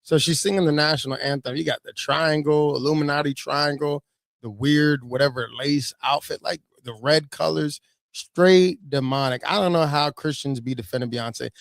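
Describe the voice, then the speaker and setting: A man's voice: fairly high pitch, steady tone, normal speed, creaky, dry recording. A man, a pastor, giving blunt, preachy commentary on videos.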